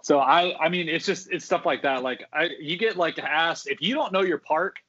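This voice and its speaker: A man's voice: on the high side, moderate pace, fairly bright tone, slightly rough, dull audio. A man on a podcast, casually recounting stories from his old custodial job, full of fillers and restarts. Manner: rambling, many fillers and restarts. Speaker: guest, former theme park custodian.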